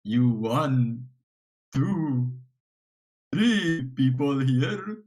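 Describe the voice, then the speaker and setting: A man's voice: mid-range voice, lively intonation, a little mellow, rough recording. A man voicing a small, proud talking bat who scolds the people holding him captive. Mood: indignant. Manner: slow, indignant, scolding. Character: grumpy talking bat, male, tiny, proud.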